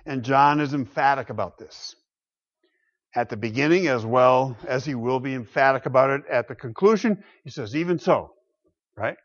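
A man preaching a sermon, emphatic, swinging between loud exclamations and quiet low asides. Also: normal speed, dull audio.

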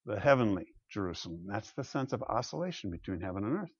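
A man preaching a sermon, emphatic, swinging between loud exclamations and quiet low asides. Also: very animated, fast, husky, highs cut off.

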